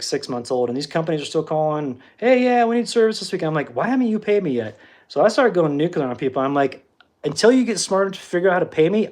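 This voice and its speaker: A man tells a long story on a livestream in a loose, conversational way. He acts out both sides of the exchanges as he goes and often restarts his sentences. His voice sits at an ordinary middle pitch for a man. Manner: animated, acts out quoted exchanges, frequent restarts. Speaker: livestream host. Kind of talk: casual storytelling monologue.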